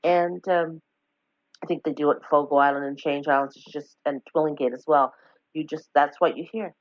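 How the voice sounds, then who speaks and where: A low-pitched woman, winding through her thoughts and correcting herself as she goes. The audio is dull and lo-fi, with a dry, close sound and no room around the voice. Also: steady tone, fairly quick, dry recording. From Newfoundland, Canada. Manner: rambling, self-correcting, warm storytelling with laughs. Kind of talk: casual conversation.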